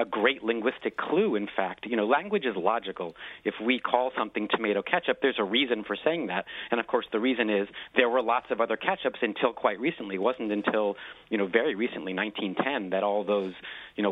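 Guest author, male, lowish voice, eager explainer, phone-line audio. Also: dry recording. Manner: enthusiastic storyteller, lively explaining with fillers. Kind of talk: radio interview. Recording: tinny phone-line sound.

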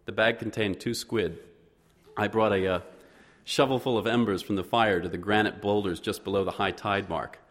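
A man with a very deep voice reads a first-person story aloud. His delivery is measured and understated, lingering on descriptive passages. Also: fairly even intonation, a bit bright. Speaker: narrator. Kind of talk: audiobook narration, first person.

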